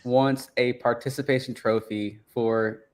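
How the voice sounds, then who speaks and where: A man's voice: mid-range voice, steady tone, a little slow, a little mellow. Man podcast co-host, casual, jokey and mocking.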